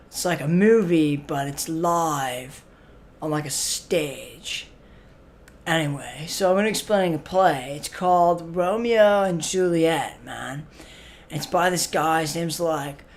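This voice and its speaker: A man doing a mellow, spaced-out young stoner in a comedy sketch, drawling slowly through every thought. He rambles with plenty of "like" and ends his phrases with "man," as though he is half there. His easygoing pace never picks up. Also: a little high. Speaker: comic web show host character.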